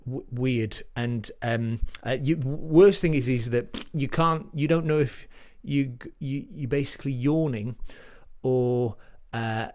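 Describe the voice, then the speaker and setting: A man's voice: mid-range voice, darkish tone. A man, likely in his forties, performing a stand-up comedy set in a rambling, self-deprecating way, with many restarts.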